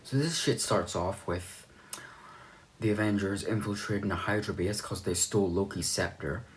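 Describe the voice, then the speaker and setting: Deep-voiced man recapping a movie casually. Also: normal speed. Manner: rambling, offhand, swears casually. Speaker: movie reviewer.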